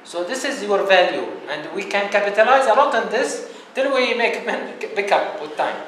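A man's voice: high voice, animated, moderate pace, fairly bright tone. A man from Bahrain hosting a workshop dialogue, emphatic and questioning the room. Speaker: dialogue host, speaker. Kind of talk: conversational workshop talk. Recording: echoey hall with background noise.

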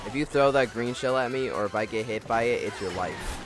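A man's voice: medium pitch, brisk, music in the background. A man hosting a casual gaming livestream, joking around and thanking viewers while he plays. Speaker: livestream host. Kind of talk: casual gaming stream chat.

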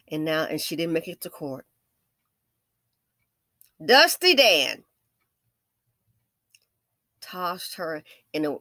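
A woman's voice: on the high side, sharp tone, no echo, clean studio sound. A woman doing true-crime commentary in an emphatic, sassy, preachy way.

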